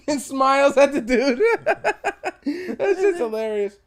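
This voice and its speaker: A man's voice: extremely high pitch, expressive, slow. A man co-hosting a casual podcast chat, telling stories animatedly and laughing while he acts out quotes. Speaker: podcast co-host.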